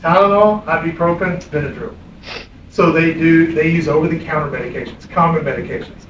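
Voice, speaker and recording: A middle-aged EMS instructor gives a classroom lecture with anecdotes, bluntly and profanely quizzing students between stories. His voice is on the high side and a little fast, captured by a distant mic in an echoey room with dull audio and slight hiss or hum.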